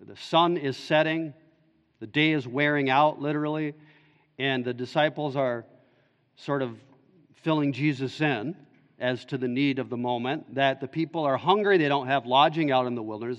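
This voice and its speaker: A male pastor preaching an expository sermon in an earnest, explaining way. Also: mid-range voice. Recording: dull echoey church hall recording.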